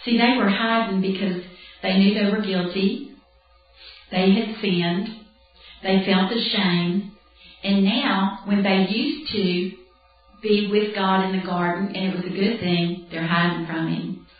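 A woman speaker teaching a conversational, animated sermon, often acting out bits of dialogue. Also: mid-range voice, unhurried. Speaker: Bible camp speaker. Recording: distant, roomy, dull lo-fi hall recording with faint music.

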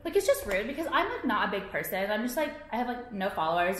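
A woman's voice: mid-range voice, very animated, fast, hardly any pauses. A young woman vlogging to her viewers, ranting in a profane, exasperated way and filling her talk with "like". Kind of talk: casual ranting to camera. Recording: echoey room.

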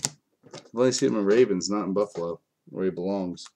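A man's voice: low voice, fairly quick, background noise. A man with kids, a bit sick, hosting a live card break in a casual, joking way and talking to viewers by name. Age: adult, has kids. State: a bit sick, clearing throat.

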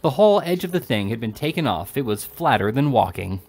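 Brief: amateur male reader, plain steady narration of a classic novel. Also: medium pitch, fairly quick, a little hiss or hum. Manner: steady, occasional slips and restarts. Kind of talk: reading a classic novel aloud.

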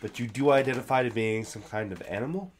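A man's voice: mid-range voice, fast. A man co-hosting a casual podcast, drunk and sick, with sardonic, self-deprecating remarks. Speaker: podcast co-host. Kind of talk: casual chat.

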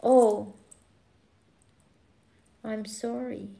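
Slow-talking woman streamer chatting casually. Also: a little high, fairly even intonation, creaky, dark tone. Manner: rambling, laughing, with acted outbursts. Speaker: live streamer. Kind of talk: casual chat with viewers.

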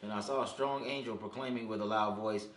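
A man reading scripture aloud in a steady, plain way during a Bible study. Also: on the low side, quick pace. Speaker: scripture reader. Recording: echoey room.

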